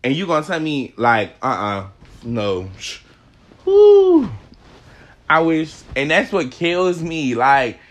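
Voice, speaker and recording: A man's voice: medium pitch, animated, unhurried, a bit bright. A man hosting a podcast who delivers a heated, emphatic opinion monologue full of swearing. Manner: emphatic, profane, ranting. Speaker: podcast host.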